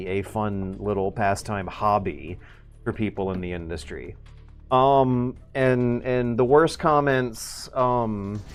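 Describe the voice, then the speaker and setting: A man in his thirties talks casually to his livestream chat in a low voice. He rambles through many restarts and fillers. Now and then he breaks into sudden louder bursts. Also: smooth. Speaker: streamer.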